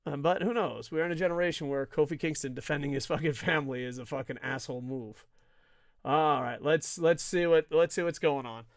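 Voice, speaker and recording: A man's voice: a little high, a little fast, no echo, clean studio sound. A man hosting a wrestling talk stream, ranting sarcastically and with lots of swearing. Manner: profane, sarcastic, animated. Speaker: wrestling show host. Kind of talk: casual rant to camera.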